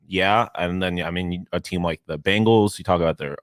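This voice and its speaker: A man co-hosting a sports show in casual chat, animated and loose, with casual swearing. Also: low-pitched, moderate pace, no room sound. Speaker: co-host.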